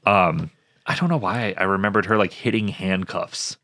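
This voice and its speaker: A man's voice: sits low, normal speed, bright, forceful tone. A man co-hosting a casual movie podcast, recapping the plot from his notes with wry asides. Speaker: podcast co-host.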